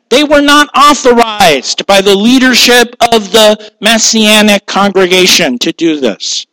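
A man's voice: high voice, expressive, measured pace, hardly any pauses, pushed and bright, no echo, poor audio. A man, a pastor, preaching a sermon in a conversational way, asking rhetorical questions and laughing at his own asides.

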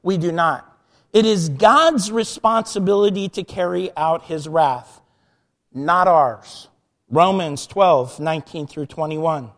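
A man preaching a sermon, repeating key phrases slowly and with emphasis, rising at times to near-shouted prayer. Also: fairly high pitch. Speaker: pastor. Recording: long reverb of a hall.

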